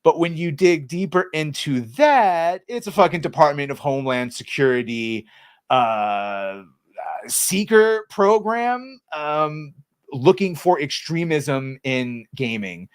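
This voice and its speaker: A man's voice: fairly high pitch, animated, slow, clear, resonant tone, no echo, studio quality. A man co-hosting a casual podcast chat, ranting sarcastically and swearing freely. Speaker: co-host.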